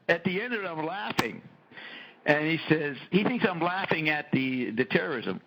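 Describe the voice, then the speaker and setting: Gravelly, lively middle-aged man telling stories. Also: on the high side, moderate pace, low-quality recording. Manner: animated storyteller, frequent profanity. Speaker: podcast host. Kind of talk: casual conversation.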